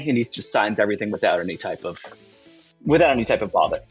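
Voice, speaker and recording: A man narrating as game master of a tabletop game, lively and playful. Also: on the low side, quick pace, slightly rough, soft background music.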